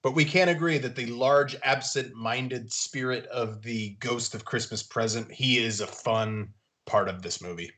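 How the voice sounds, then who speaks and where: A man's voice: mid-range voice, a little slow, hardly any pauses, fairly bright tone. A man co-hosting a podcast, earnestly recounting favorite film scenes in a casual chat. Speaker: podcast co-host.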